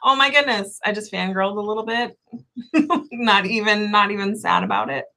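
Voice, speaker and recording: A woman's voice: medium pitch, fairly even intonation, moderate pace, gravelly, sharp tone. A woman shop owner chatting casually on a tarot livestream, rambling and giggly, with lots of fillers.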